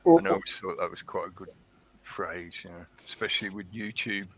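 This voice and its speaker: A man's voice: sits low, fairly quick, vocal fry, breathy edge. A man hosting a casual livestream, chatting in a rambling way and greeting viewers in the chat by name. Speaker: livestream host. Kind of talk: casual live-stream chat.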